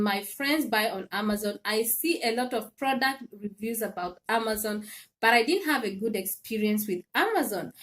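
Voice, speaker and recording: A woman hosting a casual livestream, telling an animated story with laughs and repeated phrases. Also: fairly high pitch. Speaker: live stream host. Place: home in Sweden.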